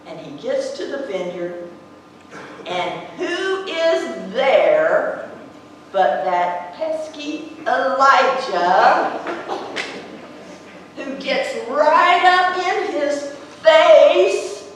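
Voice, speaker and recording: A woman playing a scheming, scornful ancient queen in a church stage monologue, telling it theatrically with lively acted-out quotes. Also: high-pitched, very slow, long pauses, slight background noise, full character voice. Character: scheming, scornful ancient queen, contemptuous of her weak husband. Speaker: actor in a church drama. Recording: echoey hall from far off.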